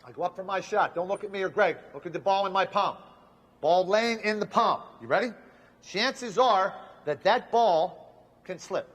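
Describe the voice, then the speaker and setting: A man's voice: high voice, moderate pace, fairly bright tone. A man coaching basketball players through a shooting demonstration, talking emphatically in short repeated commands on an indoor court. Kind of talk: instructional demonstration. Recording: long reverb of a gym.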